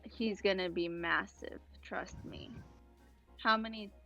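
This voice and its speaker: A woman's voice: mid-range voice, slow, gravelly, bright, forceful tone, muffled recording, soft background music. A woman co-hosting a podcast, casually describing comic panels and reading out the dialogue, hesitant with many ums. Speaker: podcast co-host.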